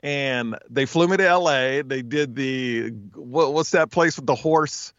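A man telling stories in a casual podcast interview, with a smooth radio-announcer voice. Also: mid-range voice, a little slow, a bit bright, dry recording, lo-fi sound. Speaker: podcast guest, TV host and stand-up comic.

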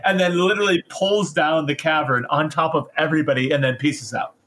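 A man on a podcast retelling a story casually, in slangy, animated speech. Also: a little high, moderate pace, slight background noise. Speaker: podcast co-host.

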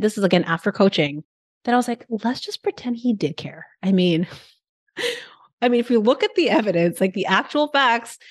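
A woman hosting a podcast interview, telling stories in an animated, casual way with lots of filler words. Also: mid-range voice. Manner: animated storytelling, many "like" fillers. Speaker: podcast host.

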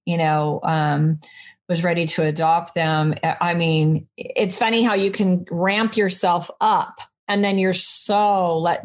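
A woman host responding in a relaxed, reflective conversational way. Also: lowish voice. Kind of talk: casual conversation.

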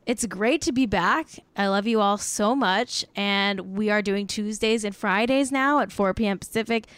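A woman's voice: mid-range voice, normal speed, fairly bright tone, clear, resonant tone, no echo. A young woman hosting a podcast from her desk at home over a video call, chatting casually and frankly, swearing freely and saying "like" a lot. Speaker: podcast host. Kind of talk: casual chat.

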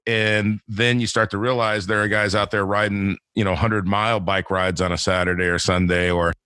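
A man's voice: on the low side, level tone, normal speed, sharp tone, clean tone, no echo. A man hosting a podcast interview, talking in a rambling, chatty way with frequent restarts. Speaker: podcast host.

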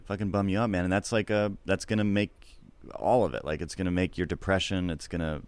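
A middle-aged man, a comedian, talking candidly and reflectively in an interview, swearing freely and getting animated at times. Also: sits low, brisk, clear, resonant tone. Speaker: podcast guest, comedian.

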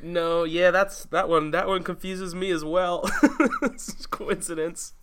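A man co-hosting a casual comedy podcast, playful and quick to laugh, riffing in jokey rants. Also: high-pitched, steady tone, a bit bright, smooth. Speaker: podcast co-host.

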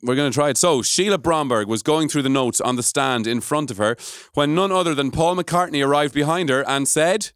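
A man's voice: fairly high pitch, a little fast, hardly any pauses, smooth, dry recording, studio quality. An Irish man hosting a podcast, telling a story and chatting casually with his co-hosts. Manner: lively storyteller who jokes with co-hosts. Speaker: podcast host.

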